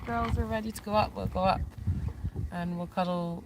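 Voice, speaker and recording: A woman's voice: medium pitch, steady tone, moderate pace, recorded from a distance. A woman hosting a casual livestream for an animal sanctuary, reading viewer comments aloud in a matter-of-fact way. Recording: noisy livestream audio. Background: clear background noise.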